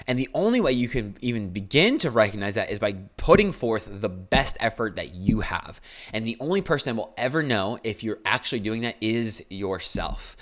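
His voice is lowish and a bit bright. The young man is a podcast host, and his casual motivational monologue comes across as blunt and earnest, with a tone he labels aggressive himself.

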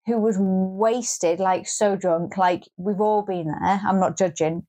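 Woman, podcast co-host, wry grumbling chat, mid-pitched voice. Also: fairly even intonation, slow, dark tone. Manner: chatty, wry and grumbling, with frequent restarts and swearing. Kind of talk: casual chat.

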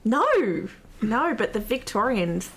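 A woman co-hosting a casual podcast over a remote call, giggly and animated. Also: on the high side, takes it slowly, slight background noise. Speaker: podcast co-host. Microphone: remote call mic.

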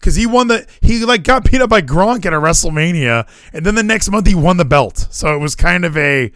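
A man's voice: sits high, animated, fairly quick, hardly any pauses, a bit bright, no echo, studio quality. A man hosting a casual podcast chat, joking and rambling. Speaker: podcast host.

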